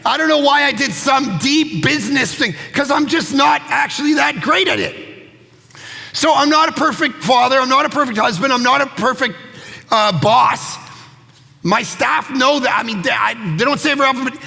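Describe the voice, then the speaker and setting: A pastor in his thirties or forties preaching a lively sermon, telling self-mocking stories and acting out other people's voices. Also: very high voice, moderate pace, creaky. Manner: animated, self-mocking storytelling; acts out quoted voices. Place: church auditorium. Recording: long hall reverb with faint music.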